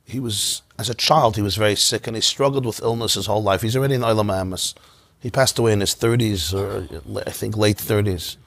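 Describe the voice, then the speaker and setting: A man, a rabbi, giving an informal synagogue class, telling stories in a conversational, animated way. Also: fairly low pitch, a little fast, no echo. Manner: conversational, storytelling, animated asides.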